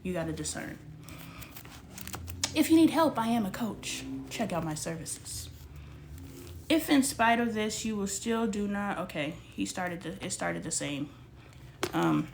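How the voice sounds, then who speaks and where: A woman's voice: medium pitch, animated, a little slow, creaky, pauses often, a little hiss or hum. A woman in her thirties, a life coach, talking casually and bluntly about spiritual growth, swearing for emphasis and reading scripture aloud.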